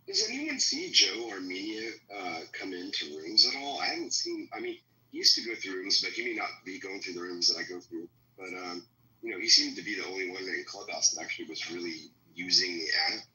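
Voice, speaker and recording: Low, lively, bright-toned man from California. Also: a little fast, echoey room, rough recording. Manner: rambling, opinionated, laughs at own jokes. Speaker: participant in an online audio chat room. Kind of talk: casual chat.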